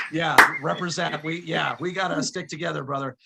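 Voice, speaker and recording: A man performing as a guest magician on a video call, cracking rambling self-deprecating jokes in excitable patter. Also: fairly high pitch, moderate pace, gravelly, few pauses, very noisy. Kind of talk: joking comedic patter over video call.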